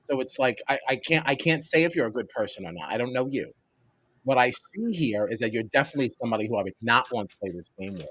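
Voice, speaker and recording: A man speaks bluntly in a casual podcast rant, his pitch jumping high when he gets worked up. The room is dry and close, with no echo. His voice sits at an average male pitch. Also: expressive, quick pace, fairly bright tone. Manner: blunt, opinionated ranting. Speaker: podcast co-host, former contestant. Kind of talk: casual chat.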